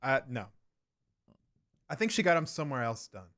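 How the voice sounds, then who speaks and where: A young man on a radio show's staff, telling a story in a relaxed, modest way. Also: mid-range voice, moderate pace. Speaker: radio show staff member. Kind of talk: casual chat.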